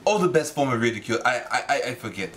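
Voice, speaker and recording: Man doing a mock-Polish deadpan young guy. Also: extremely low pitch, brisk, creaky, slight background noise, pitched below the performer's own voice, heavily acted. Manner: deadpan, hesitant, repeats a dismissive catchphrase. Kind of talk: comedic impression vlog.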